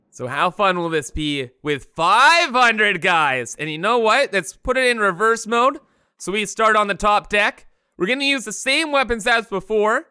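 An excitable man commentates on a video game, exclaiming often as he talks to his viewers. His voice sits high and bright, and he keeps an unhurried pace between bursts. Faint game gunfire plays beneath him. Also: clear, resonant tone, no room sound. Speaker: gameplay commentator. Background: game gunfire and explosions.

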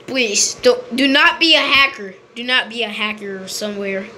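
High, bright-voiced excitable woman gamer. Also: normal speed, slight background noise. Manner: excitable, rambling, repeats pleas over and over. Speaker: gameplay commentator. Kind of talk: casual live game commentary.

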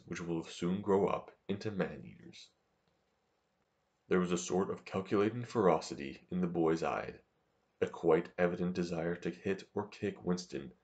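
Deep-voiced man narrating a novel. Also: lo-fi sound. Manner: steady, measured reading. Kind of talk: audiobook narration.

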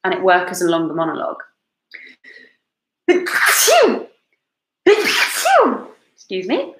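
A woman's voice: lowish voice, expressive, racing. A woman teaching Shakespeare in an online lesson, sniffly and caught by sneezing fits, often breaking off to excuse herself. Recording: echoey room with faint noise.

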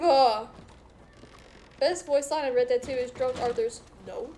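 A woman's voice: sits high, unhurried, pauses often, dark tone. A young woman casually commenting on her game and joking with viewers during a live stream. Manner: playful, joking, chatting to viewers.

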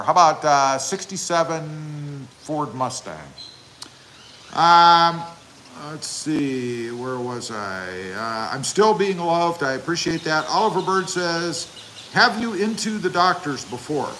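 A man's voice: a little high, animated, unhurried, sharp tone, a little hiss or hum. A man hosting a casual livestream, reading viewer comments aloud and answering them with chatty, jokey asides. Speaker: channel host reading live chat.

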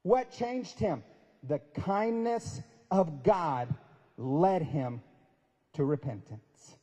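A man gives an emphatic, sermon-style talk with folksy humor. His voice sits fairly high but sounds mellow and a little husky. A long hall reverb follows his words. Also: expressive, drawn-out words. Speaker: guest speaker. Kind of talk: sermon-style speech at a prayer breakfast. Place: large event hall at a university.

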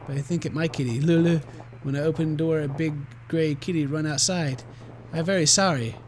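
A man reading out a game's worried, apologetic landlady, talking in halting broken English. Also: on the high side, fairly even intonation, slight background noise, natural voice, rough recording.

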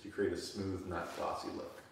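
Distant low-key woman reading out comments. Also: flat delivery, moderate pace. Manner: quiet, low-key asides. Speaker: helper reading viewer comments. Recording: distant voice in an echoey room.

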